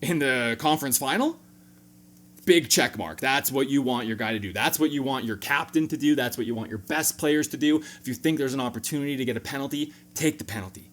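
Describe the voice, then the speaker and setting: A man hosting a sports fan reaction video. He breaks down the game casually and jokingly, with sudden animated jumps. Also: medium pitch, brisk.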